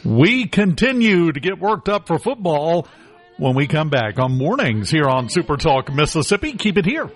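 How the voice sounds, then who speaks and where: A male radio host bantering on a morning show with relaxed, jokey asides. His voice sits a touch high for a man and moves around a lot in pitch. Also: moderate pace. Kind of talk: casual talk radio chat.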